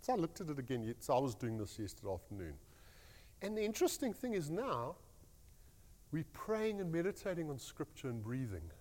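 A man giving a rambling, animated devotional talk as a pastor. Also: a little high, fairly quick, big-room sound. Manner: animated storytelling, rambling restarts.

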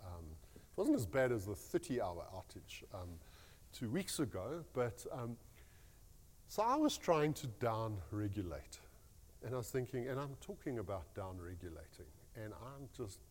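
A man giving a rambling, animated devotional talk as a pastor. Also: mid-range voice, big-room sound. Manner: animated storytelling, rambling restarts.

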